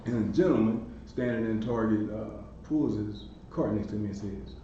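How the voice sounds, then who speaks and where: A man in his forties hosting a podcast, telling a story in an animated way. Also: on the low side, normal speed, slight background noise. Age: 40s. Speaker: podcast host. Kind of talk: storytelling monologue. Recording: echoey room from far off, dull lo-fi sound.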